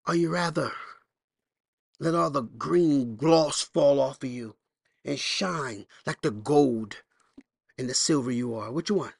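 A male pastor preaches with emphasis, mixing folksy asides with rhetorical questions. His voice sits in a middle pitch. The sound is dry and close, with no room echo. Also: measured pace, creaky, pauses often. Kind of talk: sermon.

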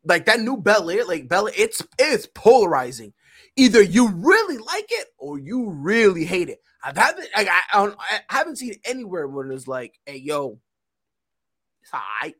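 Young male podcast co-host, lively pitch, animated storyteller. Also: normal speed, breathy edge. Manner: animated storyteller, acts out dialogue. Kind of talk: casual chat.

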